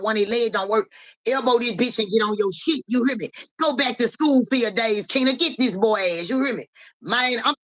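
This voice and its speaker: Animated, slangy woman telling a street story. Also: no echo. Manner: animated, slangy, profane, keeps asking "you know what I'm saying"; acts out voices in the story, rising high and loud. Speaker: live-stream host. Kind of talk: casual storytelling on a live stream.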